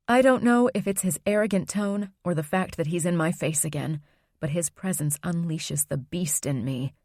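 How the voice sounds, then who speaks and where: A woman's voice: on the low side, moderate pace, darkish tone, no echo, clean studio sound. Woman narrating a romance audiobook. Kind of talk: first-person scripted narration.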